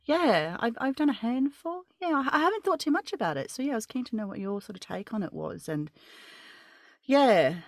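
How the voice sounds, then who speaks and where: A woman's voice: fairly high pitch, big pitch swings, fairly quick, no room sound, clean studio sound. A woman hosting a casual interview, chatty and rambling, with many restarts and laughs. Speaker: podcast host.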